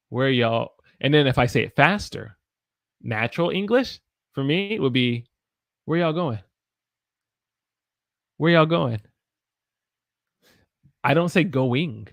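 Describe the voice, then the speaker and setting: An American man in his thirties teaching English on a live stream, speaking slowly and repeating phrases for learners to copy. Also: medium pitch, a bit bright.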